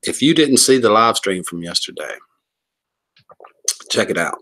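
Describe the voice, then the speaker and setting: A man's voice: lowish voice, lively intonation, unhurried, a bit bright. A man hosting a casual livestream, joking, laughing often and rambling as he greets viewers and reads comments. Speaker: livestream host.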